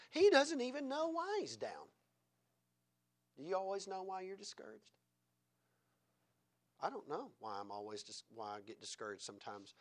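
Preacher, male, high register, punchy exhortations broken by soft chuckling asides. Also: big pitch swings, moderate pace. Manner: swings between loud exhortation and quiet chuckling asides. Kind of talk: sermon.

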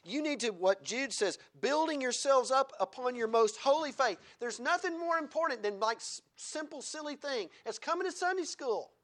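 A man preaching a sermon, swinging between loud exhortation and quiet asides where he chuckles. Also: very high-pitched, expressive, normal speed, hardly any pauses.

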